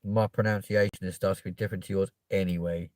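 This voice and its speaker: Low-voiced sweary South West London man. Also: little pitch movement, fast talker, darkish tone, no room sound. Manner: rambling, sweary, cheeky. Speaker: live streamer. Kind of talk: casual chat to viewers.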